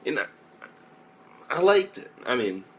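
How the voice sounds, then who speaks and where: A young man talks through an anime episode in a casual, rambling way, swearing constantly. His voice sits in a middle register. He keeps breaking into loud, high impressions of the characters. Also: sing-song, measured pace. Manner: rambling, loose, swears a lot, mimics characters in raised voices. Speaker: anime reviewer. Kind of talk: casual profane recap.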